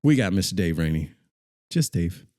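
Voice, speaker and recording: A man's voice: sits low, big pitch swings, normal speed, warm tone, no echo, clean studio sound. A man hosting a podcast in casual, joking chat with friends, often trailing off mid-thought. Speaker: podcast host.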